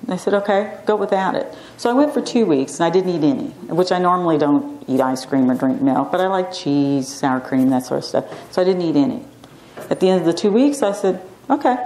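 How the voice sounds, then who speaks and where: Woman lecturer, middle-aged, fairly low warm voice, chatty storytelling, echoey classroom. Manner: chatty storyteller, acts out quotes animatedly. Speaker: acupuncture physician giving a class talk.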